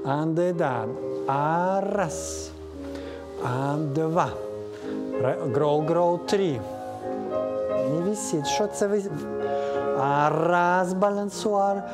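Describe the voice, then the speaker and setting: In a studio, a ballet teacher who is a native Russian speaker counts beats and corrects students by name, her Russian accent clear over the piano accompaniment of the class music. Her medium-pitched voice draws out words, with long pauses between them.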